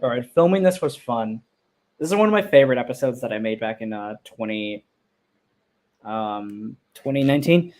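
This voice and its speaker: A young adult creator talks over their old fan video in a mid-pitched voice. They poke fun at their past work with laughter and plenty of swearing. The tone is loose and casual. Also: lively intonation, normal speed, a little mellow. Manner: self-mocking, laughing at own past work, swears freely. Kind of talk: casual, profane commentary.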